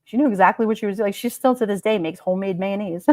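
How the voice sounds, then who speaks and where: A woman's voice: medium pitch, fast talker, no echo. Chatty woman reading live comments. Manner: chatty and animated, laughs often, many "like"s. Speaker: livestream host.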